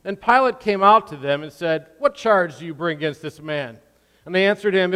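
A man's voice: sits high, sing-song, fairly quick, bright, forceful tone, smooth. A man reading scripture aloud in a sermon, adding asides, then leading a prayer in a church. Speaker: pastor. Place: church hall. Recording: long hall reverb.

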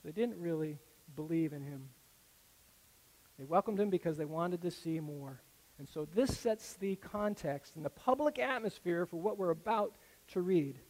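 Man, pastor, earnest Bible teaching, high voice, long hall reverb. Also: expressive, normal speed, a little mellow.

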